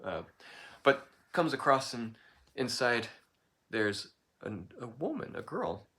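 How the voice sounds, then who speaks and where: A man telling a folk tale in an informal, improvised way, relaxed and correcting himself as he goes. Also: medium pitch, slow pace. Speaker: storyteller.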